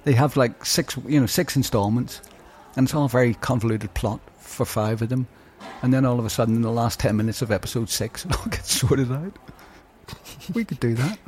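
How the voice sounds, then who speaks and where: A man's voice: mid-range voice, fairly quick, darkish tone. A man co-hosting a podcast who chats in a rambling, hesitant, joking way. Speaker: podcast co-host. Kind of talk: casual chat.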